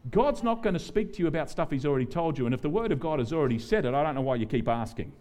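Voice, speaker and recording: A middle-aged Australian man preaching as a guest pastor, animated and joking, acting out the prayers and quotes he tells. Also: fairly high pitch, very fast. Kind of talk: sermon.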